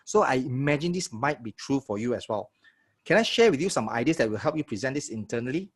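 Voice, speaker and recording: Man, sales trainer, live online workshop, husky, energetic, medium pitch. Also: fast. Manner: energetic, checks in with audience often.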